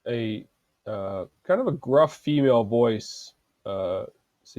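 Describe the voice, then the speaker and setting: Guy dm narrating the fight, mellow dark voice, dry close sound, lots of uhs. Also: mid-range voice, expressive, no echo. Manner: halting, full of fillers while describing. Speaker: dungeon master. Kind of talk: narrating a tabletop game.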